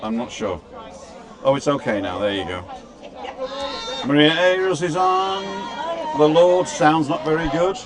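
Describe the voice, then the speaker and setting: A man's voice: a little high, a little slow, long pauses. A man from Britain hosting a casual livestream outdoors, reading out and greeting viewers by name with wry asides. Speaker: livestream host. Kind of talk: casual live chat, reading out viewer comments. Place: outdoors on a street. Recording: busy outdoor crowd noise.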